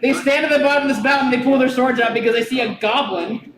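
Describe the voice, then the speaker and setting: A man's voice: very high voice, quick pace. A man narrating as game master at a live tabletop show in a brewery, joking and laughing as he goes. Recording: roomy live venue with crowd. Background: crowd.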